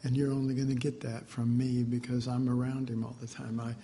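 Male preacher, middle pitch, loose rambling delivery with animated quoted asides; faint noise behind. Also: a little fast. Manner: rambling, hesitant, with many fillers and animated acted-out quotes. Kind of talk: informal sermon.

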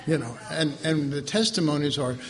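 A man's voice: a little high, moderate pace. A man preaching a conversational sermon in a folksy way, laughing often and acting out the voices he quotes.

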